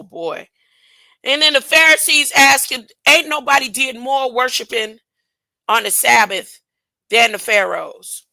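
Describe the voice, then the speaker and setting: A woman's voice: on the high side, gravelly, pushed and bright, no room sound, low-quality recording. A woman preaching an informal Bible lesson, acting out characters in casual speech and often laughing. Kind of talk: informal sermon with storytelling.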